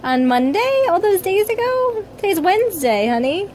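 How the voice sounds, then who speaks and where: A woman filming her family at home, chatting with her kids in playful baby talk that turns quiet and tired late at night. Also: very high-pitched, big pitch swings, normal speed, slight background noise, poor audio. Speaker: mother and family vlogger. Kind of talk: casual home video chat.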